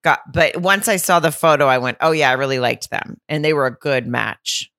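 A woman co-hosting a podcast in casual chat, blunt and quick to swear. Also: sits low, a bit bright, no echo, clean studio sound. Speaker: podcast co-host.

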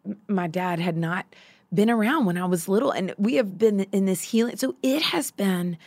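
A woman's voice: mid-range voice, moderate pace, no room sound. A woman in her thirties, a songwriter guest on a podcast, telling a story with lots of fillers and acting out the voices of the people in it. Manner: animated, acts out quoted voices, many fillers. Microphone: studio microphone.

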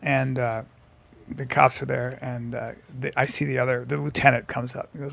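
Gravelly man telling stories on a podcast. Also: medium pitch, flat delivery, a little fast. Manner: storytelling, slips into quiet hushed delivery. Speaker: podcast host. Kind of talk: casual comedic chat.

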